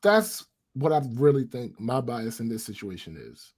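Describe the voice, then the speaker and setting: A man co-hosting a podcast in casual chat, thinking out loud with restarts as he lays out his reasoning. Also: mid-range voice, sing-song, moderate pace, husky. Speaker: podcast co-host.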